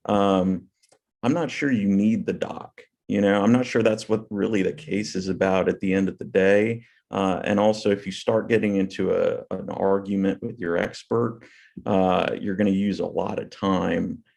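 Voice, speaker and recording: A man on a mock trial judging panel, giving feedback in a halting way with many fillers. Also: sits low, fairly even intonation, vocal fry, a little mellow.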